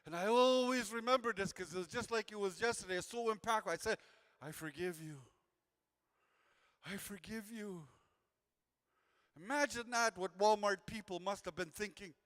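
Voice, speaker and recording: High, smooth-voiced man telling his story. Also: a little fast, hardly any pauses, a bit bright. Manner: earnest, repeats key phrases, laughs between lines. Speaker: invited speaker sharing his healing journey. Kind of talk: personal storytelling talk.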